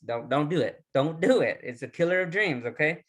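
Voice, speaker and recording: A man's voice: on the high side, lively intonation, fairly quick, fairly bright tone. A man leading a recorded training lesson, speaking with energy, firing off repeated questions and restarting his words. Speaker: resilience trainer.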